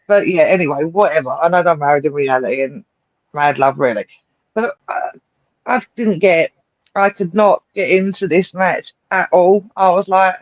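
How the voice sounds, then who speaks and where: A woman's voice: lowish voice, moderate pace, no room sound, muffled recording. A woman co-hosting a casual wrestling podcast, blunt and swearing freely. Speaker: podcast co-host. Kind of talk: casual wrestling review chat.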